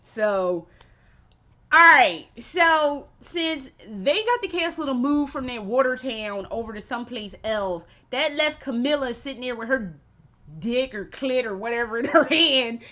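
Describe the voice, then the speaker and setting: A woman vlogger rambles through a casual spoken review, excitable and freely swearing. Her voice sits a little high and sounds sharp and forceful. The recording is muffled and lo-fi. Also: a little slow. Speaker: video game vlogger.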